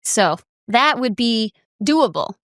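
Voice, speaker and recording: A woman's voice: on the high side, big pitch swings, takes it slowly, a bit bright, no room sound, studio quality. A young woman co-hosting a podcast, chatting casually and explaining things with enthusiasm. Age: young adult. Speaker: podcast co-host. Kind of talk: casual chat.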